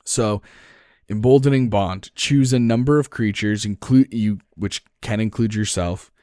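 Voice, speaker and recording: A man with a New Jersey accent, co-hosting a podcast and explaining game rules in casual, excited chat, swearing freely. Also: lowish voice, smooth, no echo, clean studio sound. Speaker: podcast co-host.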